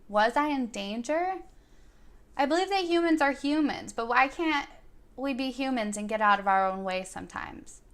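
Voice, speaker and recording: A woman's voice: mid-range voice, fairly bright tone. A young woman vlogger telling a personal story in an earnest, reflective way, now and then quoting her own words. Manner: earnest and thoughtful, quoting herself in dialogue.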